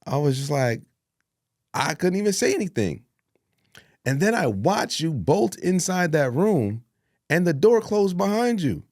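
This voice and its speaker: A man spins a story in an interview, acting out the voices of everyone in it. His pitch leaps high and drops low as he talks. The sound is close and dry, with no room around it. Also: measured pace, no room sound. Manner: animated storyteller, acts out voices, laughs. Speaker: executive producer.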